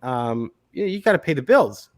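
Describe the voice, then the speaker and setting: A man in his forties, an actor guest telling stories in a relaxed interview, often repeating words as he starts a thought. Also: mid-range voice, moderate pace. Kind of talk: casual interview chat.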